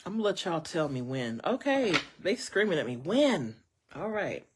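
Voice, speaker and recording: Woman tarot reader, live stream; low voice, very animated pitch, chatty. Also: moderate pace, noisy background. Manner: chatty, animated, lots of fillers, speaks to viewers as y'all. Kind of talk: casual live-stream reading.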